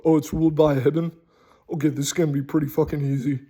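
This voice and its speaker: A man voicing a greedy, scheming male city ruler who speaks gruffly and covetously. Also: fairly high pitch, expressive, very slow, darkish tone, heavily acted.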